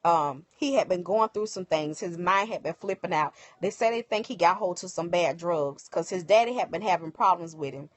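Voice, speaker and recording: A woman's voice: on the low side, moderate pace, hardly any pauses, dry recording. Emotional woman telling a story live. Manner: emotional, animated retelling with quoted dialogue. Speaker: livestream host. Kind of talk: casual storytelling to viewers. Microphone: phone.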